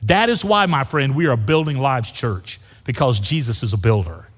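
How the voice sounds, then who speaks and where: A male pastor preaching a sermon, emphatic and dropping to hushed lows on key phrases. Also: lively intonation, moderate pace, slightly rough. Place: church sanctuary. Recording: long reverb of a church hall.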